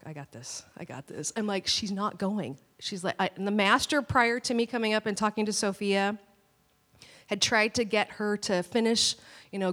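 A woman pastor preaching a sermon with animated, storytelling delivery. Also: mid-range voice. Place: church hall. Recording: long church hall reverb.

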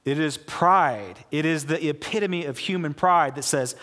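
A man preaching a casual sermon as pastor, telling the story in an animated way and acting out the people in it. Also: on the high side, a little slow. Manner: animated storytelling, acts out quoted voices. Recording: long hall reverb.

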